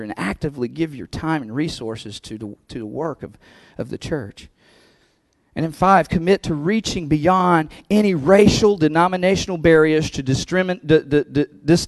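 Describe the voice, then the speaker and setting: In this sermon, a pastor with a slightly high voice addresses his church. There's no room sound. Casual and conversational, he laughs between points and works up to forceful moments.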